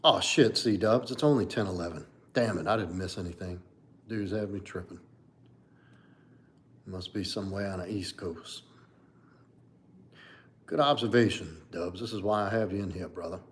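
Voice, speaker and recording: This coach, in his forties, hosts a casual livestream with a low voice at normal speed, pausing often. He answers viewer comments bluntly and candidly, swearing and saying "like" and "you know" a lot.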